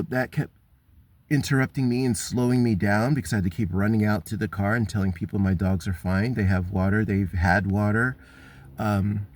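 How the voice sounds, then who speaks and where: A man's voice: on the low side, dry recording. A man vlogging a long personal story, frustrated and wandering, with many ums and restarts.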